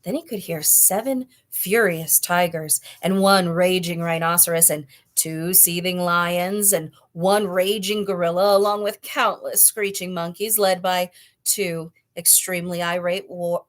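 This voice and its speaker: A woman reading a children's novel aloud, with clear, expressive storytelling. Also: lowish voice, a little slow. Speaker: storybook reader.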